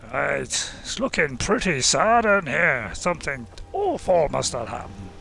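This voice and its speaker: A man voicing a gruff, blunt male dwarf warrior with a put-on Scottish accent, commenting in character while playing a game. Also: a little high, wildly swooping pitch, unhurried, pushed and bright, full character voice. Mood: grim. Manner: plain-spoken, grumbling in-character remarks.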